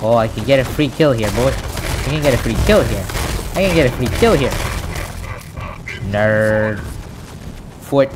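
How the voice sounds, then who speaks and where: A young gamer commentates his match in a sing-song, lively voice, chanting words over and over and mocking his opponents. He talks in a slow, drawn-out way. Gunfire and game sounds are clearly heard behind him. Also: medium pitch, background noise. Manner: excitable, chanting and repeating words, trash-talking. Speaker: gaming channel host. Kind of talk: casual gameplay commentary.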